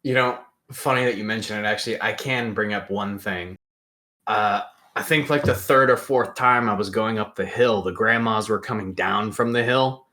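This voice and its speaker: A young man, hosting a podcast and telling a lively story in casual chat. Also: lowish voice, moderate pace. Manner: animated storyteller, acts out quoted voices loudly. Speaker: podcast host.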